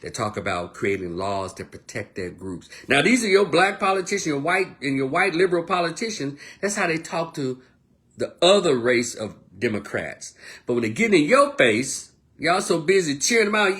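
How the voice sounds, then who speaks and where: A man delivering a blunt, profane monologue as an online commentator, swinging between loud outbursts and low, quieter stretches. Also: moderate pace. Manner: blunt, profane, animated rant. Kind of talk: casual ranting monologue.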